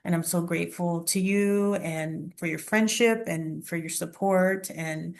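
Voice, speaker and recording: A woman hosts a casual interview in a fairly low voice. She speaks earnestly and with open gratitude. She often adds soft murmured affirmations while the other person talks. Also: fairly even intonation, unhurried, gravelly. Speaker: interview host. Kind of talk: casual conversation.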